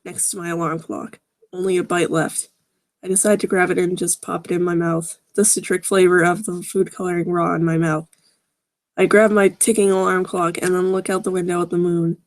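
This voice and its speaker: A woman's voice: fairly low pitch, little pitch movement, brisk. A woman reading fan fiction aloud with sarcastic, groaning asides. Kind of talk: mocking dramatic reading with commentary.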